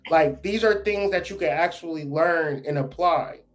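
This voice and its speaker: A man in casual podcast chat, blunt and profane, telling lively stories as the guest. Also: on the high side, normal speed. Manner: blunt, profane, animated storytelling.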